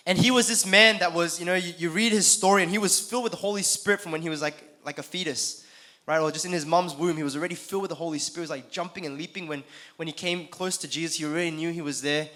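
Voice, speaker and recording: A man's voice: a little high, fairly even intonation, quick pace, sharp tone. A man in his thirties preaching casually to a youth conference, talking to the crowd with questions and repeated phrases. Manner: conversational, asks the audience questions, repeats phrases. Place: conference hall.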